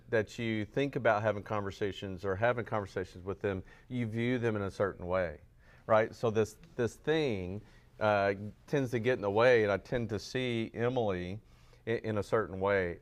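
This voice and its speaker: Low-voiced man co-teaching a couples class. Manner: storytelling, halting with restarts and little laughs. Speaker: marriage and family therapist co-teaching a couples class. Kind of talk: teaching a church workshop. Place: church hall.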